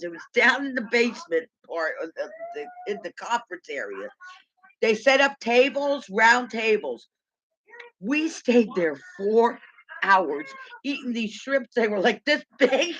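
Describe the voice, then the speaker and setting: Bright-voiced woman rambling through old memories. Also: fairly high pitch, rough recording. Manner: halting, loose storyteller who repeats words and laughs at her own memories. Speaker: vlogger. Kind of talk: rambling personal storytelling.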